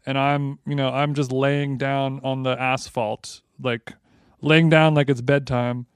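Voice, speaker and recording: Smooth-voiced man telling a rambling story. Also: mid-range voice, unhurried, no echo, clean studio sound. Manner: rambling, animated, frequent restarts and laughs. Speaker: podcast co-host. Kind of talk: casual storytelling chat.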